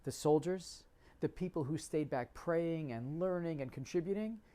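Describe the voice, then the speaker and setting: A man's voice: a little high, normal speed, dark tone. A man from New Jersey, earnestly explaining a scripture passage as a lesson. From New Jersey, United States. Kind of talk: religious teaching.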